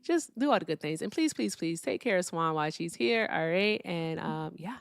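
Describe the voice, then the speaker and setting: A woman's voice: fairly low pitch, animated, normal speed, vocal fry, no room sound, studio quality. A woman hosting a live call-in debate stream, blunt and profane, brushing callers off.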